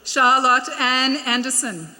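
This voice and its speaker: A woman's voice: sits high, slow pace, big-room sound, heavy background noise. An Australian woman presenting graduates at a ceremony, reading names aloud and checking their pronunciation.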